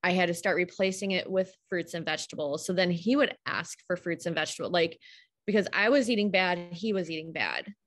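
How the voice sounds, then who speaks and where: A woman's voice: lowish voice, a little fast, fairly bright tone. A woman guest, a homeschooling mother, talking things through at length in an earnest, open way during a casual live call.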